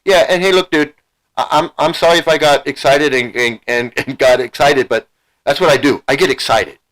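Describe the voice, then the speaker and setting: A man's voice: a little high, normal speed, a bit bright, poor audio. A middle-aged man hosting a livestream, ranting heatedly and emotionally, repeating himself and swearing. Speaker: channel host. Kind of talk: angry livestream rant.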